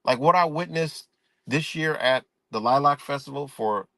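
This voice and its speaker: A middle-aged man from Rochester, New York, talking in a casual, profane, rambling livestream monologue and telling an animated story. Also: fairly high pitch, moderate pace, creaky, no room sound. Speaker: live stream host.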